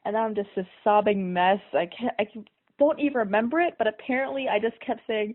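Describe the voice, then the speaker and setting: A young woman casually telling a funny personal story, animated and self-mocking, acting out the people in it. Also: medium pitch, fairly quick. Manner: animated, self-mocking retelling with dramatic quoted voices. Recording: tinny phone-like audio.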